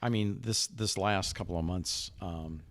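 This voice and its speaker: A man's voice: low-pitched, a bit bright. A man co-hosting a podcast about the outdoors, chatting casually and often restarting his sentences. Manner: halting, many restarts and repeated words. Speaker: podcast co-host.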